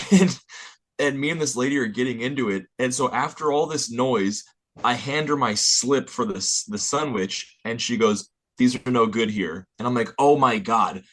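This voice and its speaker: A man guesting on an interview, telling stories in casual chat, animated and often laughing. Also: medium pitch, normal speed. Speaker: band member guest.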